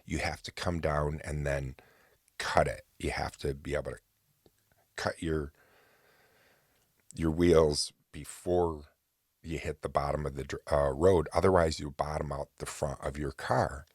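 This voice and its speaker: A man's voice: a bass voice, fairly even intonation, moderate pace, breathy edge, no echo, clean studio sound. A man hosting a podcast, telling a personal story in a chatty rambling way with hesitant restarts. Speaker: podcast host. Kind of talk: casual rambling monologue.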